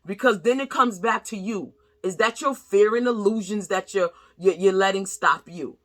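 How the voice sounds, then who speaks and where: A woman's voice: mid-range voice, pushed and bright. A middle-aged woman giving a tarot reading to her viewers in a chatty, sassy, direct way. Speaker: tarot reader. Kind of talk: casual tarot reading monologue.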